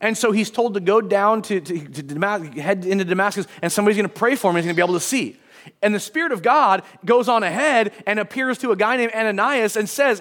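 High-voiced male pastor preaching conversationally. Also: fast talker, fairly bright tone. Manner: conversational, acts out short quotes, many restarts. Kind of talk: sermon. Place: church.

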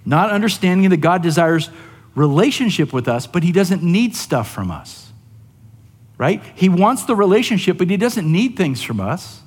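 Higher-voiced male pastor in a reverberant hall. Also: slightly rough. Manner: conversational, often asks "right?". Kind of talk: sermon.

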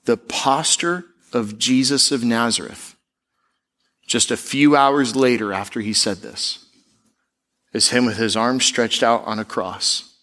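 A man pastor preaching a sermon, animated, slipping into mocking voices to make his points. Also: mid-range voice, measured pace.

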